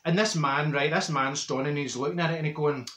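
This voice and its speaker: A man's voice: fairly high pitch, steady tone, quick pace, fairly bright tone, lightly acted. A man doing a blunt Glaswegian auntie. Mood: gossipy. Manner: blunt, gossipy, laughs often, broad Scots words. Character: chatty middle-aged Glasgow woman, straight-talking and gossipy. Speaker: comedy character monologue. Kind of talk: comic storytelling monologue. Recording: roomy echo.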